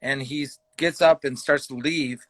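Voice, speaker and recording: A man's voice: medium pitch, fairly even intonation, measured pace, a bit bright, no room sound. A man from Canada, a comedian guest, telling a rambling, profane story in casual chat and acting out the quotes heatedly. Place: livestream talk show.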